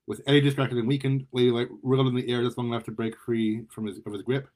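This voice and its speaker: A man reading a superhero story aloud in a lively way, often stumbling and repeating words. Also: mid-range voice, fast talker. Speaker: story reader.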